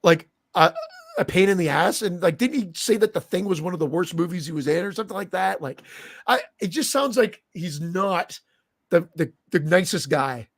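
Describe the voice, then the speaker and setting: A man's voice: high voice, expressive, moderate pace. A man co-hosting a casual movie review podcast, laughing often and swearing as he chats. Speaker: podcast co-host.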